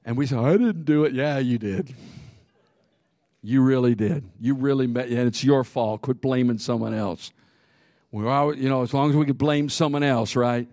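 A man's voice: medium pitch, normal speed, no room sound, studio quality. A man preaching a sermon, telling funny stories with frequent laughs and calling out to the congregation. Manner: animated, laughs often, calls out to the congregation. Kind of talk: sermon with humorous storytelling.

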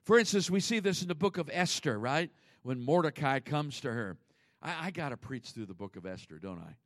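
A man preaching a sermon as pastor, conversational, with sudden swings between loud emphasis and hushed asides. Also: fairly high pitch, lively intonation, brisk, dry recording, studio quality.

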